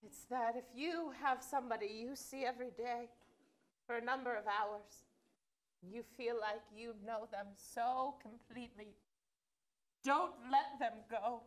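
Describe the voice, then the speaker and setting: High-voiced woman with dry improv delivery. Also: fairly even intonation, a little slow. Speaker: improv performer. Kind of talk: live improv scene. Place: theater stage. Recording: loud noise on a live stage recording. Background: audience laughter.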